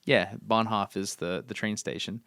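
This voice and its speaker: A man's voice: fairly low pitch, fairly even intonation, moderate pace, fairly bright tone, clear, resonant tone, no echo, clean studio sound. An American man co-hosting a podcast, telling stories in a casual chat and laughing often. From United States. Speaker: podcast co-host.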